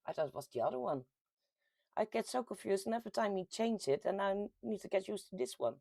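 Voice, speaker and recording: A woman from the Netherlands with a Dutch accent hosts a casual livestream, reading out viewer comments in a chatty, giggly way with sudden lively jumps in pitch. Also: fast talker, creaky, dry recording. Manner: chatty and giggly, with frequent laughs and ums. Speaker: host of a paranormal community livestream.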